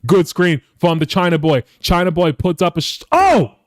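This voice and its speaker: High-voiced man calling a basketball video game. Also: moderate pace, no echo, clean studio sound. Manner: excitable, swears a lot, talks to viewers as boys. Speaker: gaming YouTuber. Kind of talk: casual game commentary.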